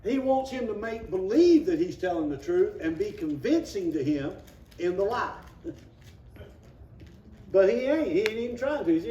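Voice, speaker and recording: A man's voice: sits high, sing-song, normal speed, pauses often, mellow, slight background noise. A man teaching an informal Bible class in a church room, reading scripture and acting out the people he quotes. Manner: folksy, acts out the people he quotes; reads scripture aloud, then explains it. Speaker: Sunday school teacher. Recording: roomy, distant, dull room recording.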